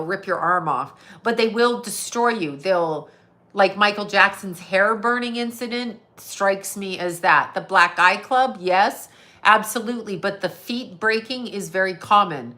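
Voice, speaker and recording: A woman's voice: medium pitch, pushed and bright. A middle-aged woman from Canada, hosting a casual livestream, rambling from tangent to tangent, swearing freely and answering chat comments as she goes. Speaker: psychic medium and livestream host.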